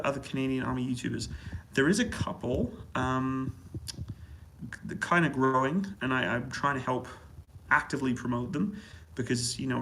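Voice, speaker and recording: A man hosting a relaxed livestream reads viewer questions aloud and answers each in an easygoing, chatty way. His voice sits at an ordinary pitch for a man but carries a gravelly, creaky edge. He chuckles often as he talks from a hotel room. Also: poor audio. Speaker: livestream host answering chat. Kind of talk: casual livestream chat.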